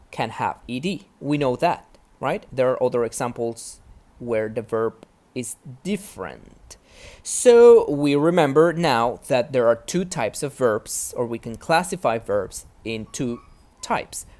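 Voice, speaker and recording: Slow, lively-voiced teacher explaining grammar. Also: male voice, mid-range voice. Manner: explains step by step, often checks with "right?". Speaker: English teacher. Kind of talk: classroom grammar lesson.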